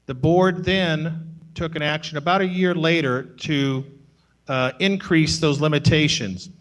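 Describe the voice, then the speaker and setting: A man answering a question at a town hall meeting, measured and factual. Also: on the high side, fairly even intonation. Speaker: law enforcement official answering questions.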